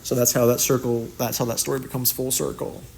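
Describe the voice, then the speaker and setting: Slangy and animated, this young man delivers a casual monologue of wild personal stories, switching voices to act out quotes. He's a content creator with a medium-pitched, gravelly voice and a quick pace, over slight background noise.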